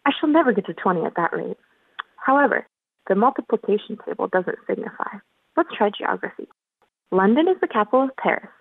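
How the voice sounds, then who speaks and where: Doing a storybook reading, a woman plays an earnest, confused little girl fussily wondering aloud to herself. She has a husky mid-range voice, and the dry recording sounds tinny, like a phone line.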